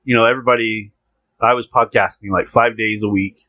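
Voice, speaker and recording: A man hosting a casual podcast, laughing often and reading a news story aloud with halting restarts. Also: fairly low pitch, steady tone, pushed and bright. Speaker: podcast host. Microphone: close podcast mic with headphones. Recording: dull lo-fi dry podcast audio.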